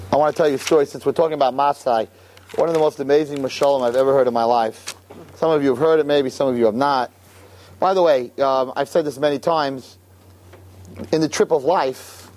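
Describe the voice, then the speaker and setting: A man teaching a religious class, telling a story in an animated, conversational way. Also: mid-range voice, a little hiss or hum. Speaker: Torah teacher.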